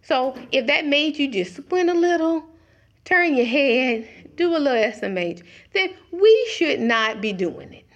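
A woman's voice: high-pitched, expressive, a little slow, highs cut off. A middle-aged woman preaching a conversational sermon, acting out little dialogues as she talks.

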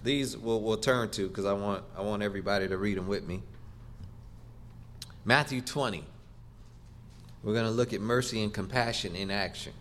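A man's voice: fairly low pitch, normal speed, long pauses, fairly bright tone, a little hiss or hum. A middle-aged man preaching a sermon, emphatic and rhythmic, leaning on repeated phrases and rising for stress.

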